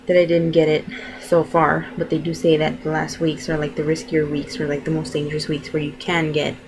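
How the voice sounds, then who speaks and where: A woman's voice: low-pitched, background noise. A young woman chatting casually in her video diary, rambling and full of fillers. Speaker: vlogger. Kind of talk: casual chat.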